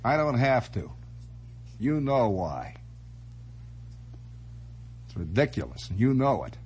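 A man's voice: mid-range voice, very animated, slow pace, pauses often, a little mellow, faint music behind. A man hosting a radio monologue, rambling theatrically and making sound effects with his voice. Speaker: radio host. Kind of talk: late-night radio monologue. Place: radio studio.

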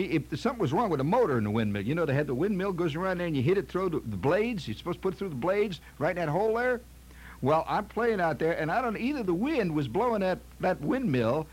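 A man's voice: high voice, big pitch swings, quick pace, husky. A man telling a rambling comic story in a folksy manner, peppering it with "see?" and "you know".

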